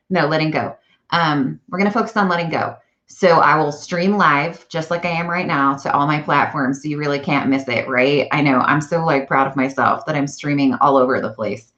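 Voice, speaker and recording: A woman chatting casually on a live stream, animated and self-correcting as she talks. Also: low-pitched. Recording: dull lo-fi live-stream audio.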